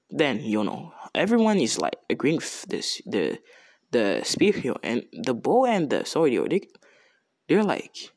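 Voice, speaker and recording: A man's voice: medium pitch, wildly swooping pitch, normal speed, dry recording. A young man improvising a fan story in a rambling, slangy, casual way with many restarts.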